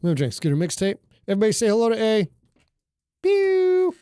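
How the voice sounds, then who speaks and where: Speaking rapidly in a high, expressive, mellow and smooth voice, this middle-aged man hosts a relaxed livestream, bantering with viewers. He's also an author, and he records on a studio microphone.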